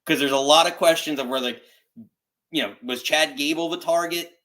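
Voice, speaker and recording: A man with a bright, forceful voice co-hosts a casual chat show. He talks with eager enthusiasm, rambling and restarting his sentences as he goes. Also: fairly high pitch, moderate pace. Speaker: podcast co-host.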